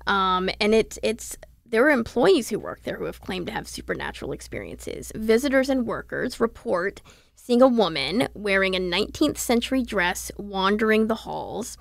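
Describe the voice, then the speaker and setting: Gravelly-voiced woman telling ghost lore. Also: mid-range voice, very animated, no echo. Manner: storytelling, detailed, measured. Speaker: history reporter guest. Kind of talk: podcast storytelling.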